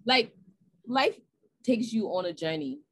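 Animated, laughing woman storyteller. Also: on the high side, unhurried, slightly rough, dry recording, rough recording. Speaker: podcast guest, poet. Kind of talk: casual storytelling chat.

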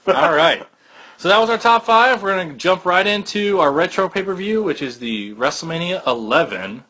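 A man co-hosting a podcast, chatting casually in a blunt, profane way. Now and then he bursts into loud, excited exclamations. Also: sits high, moderate pace. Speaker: podcast co-host. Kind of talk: casual chat.

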